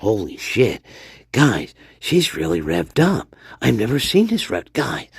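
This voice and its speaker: A man's voice: mid-range voice, wildly swooping pitch, unhurried, gravelly, breathy edge, dry recording, studio quality. A man hosting a livestream, rambling and exclaiming with lots of profanity. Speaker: livestream host. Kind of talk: casual livestream commentary.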